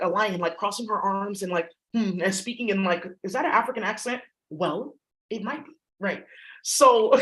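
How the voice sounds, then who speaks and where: A woman's voice: a little high, rough recording. A woman giving a spiritual reading in a blunt, profane, rambling monologue. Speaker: astrology reader.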